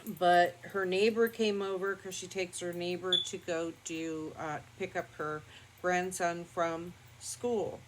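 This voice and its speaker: An older woman vlogger telling a personal story in a calm, rambling, matter-of-fact way with many fillers. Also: lowish voice, slow, heavy background noise. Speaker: beauty vlogger. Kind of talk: casual storytelling to camera.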